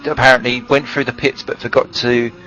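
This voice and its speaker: A man's voice: medium pitch, level tone, fairly quick, sharp tone, a little hiss or hum. A man doing casual, teasing banter as a sim racing commentator and reading forum posts aloud. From United Kingdom. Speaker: race commentator. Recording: dull lo-fi stream audio with faint music.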